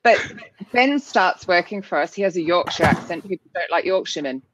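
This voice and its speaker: A woman's voice: on the low side, expressive, a little fast, dull audio, background noise. A woman host on a video call who talks bluntly and frankly and swears casually.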